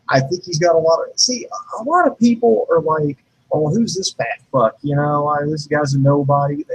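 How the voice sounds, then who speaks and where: A man co-hosting a wrestling review show, calmly arguing back with lots of fillers. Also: a little high, husky, poor audio. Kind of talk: casual debate.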